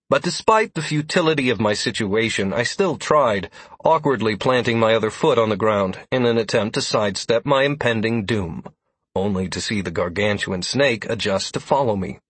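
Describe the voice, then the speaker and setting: A man reads an audiobook in a steady storytelling voice. His tone is husky, and the recording is dry and close. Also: fairly low pitch, normal speed, no echo. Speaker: audiobook narrator. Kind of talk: audiobook narration.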